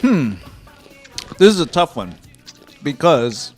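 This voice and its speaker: A man's voice: fairly high pitch, very animated, faint music behind. Laid-back man on a snack podcast. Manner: laid-back, easygoing, quick to laugh. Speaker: podcast co-host. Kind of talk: casual snack-tasting chat.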